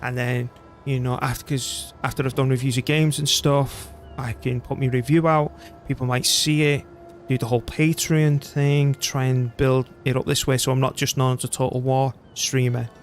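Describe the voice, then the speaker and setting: British male streamer, middle-aged, chatty and self-deprecating, mid-pitched, faint music underneath. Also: level tone, normal speed. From Britain. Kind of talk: casual gameplay commentary.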